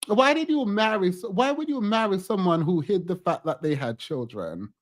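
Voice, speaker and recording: Sassy, lively high-voiced man reacting. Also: moderate pace. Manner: sassy, emphatic, laughs often. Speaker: streamer reacting to a reality show. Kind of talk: casual reaction commentary.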